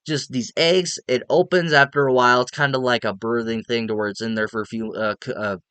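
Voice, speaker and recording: A man giving a casual, rambling movie review, excitable and swearing freely as he gushes about the film. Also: mid-range voice, brisk, smooth, dry recording.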